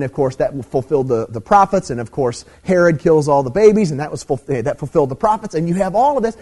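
A man's voice: fairly high pitch, darkish tone. A middle-aged man preaching a sermon, teaching emphatically and checking in with "okay?" as he goes. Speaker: pastor.

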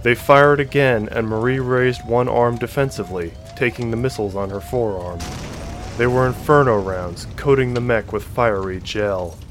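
A man reading an action story aloud with steady, dramatic narration. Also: mid-range voice, normal speed. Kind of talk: scripted audiobook narration.

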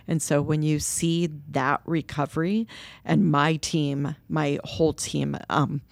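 A woman with a low, gravelly voice tells a heartfelt story in a conversational interview. She talks earnestly and lifts her voice when quoting others. The sound is close and dry, with no room echo. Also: flat delivery, slow. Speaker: nursery co-founder.

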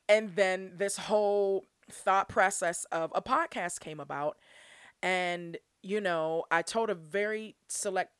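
In a slow, smooth, mid-range voice, a young adult woman delivers a heartfelt solo episode of her podcast, laughing frequently. The recording is dry and studio quality.

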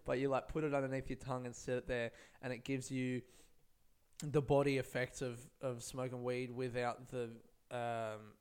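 A man's voice: mid-range voice, little pitch movement, moderate pace, darkish tone, clear, resonant tone. A young man, a stand-up comedian, rambling laid-back through a casual solo podcast on a close microphone, swearing often.

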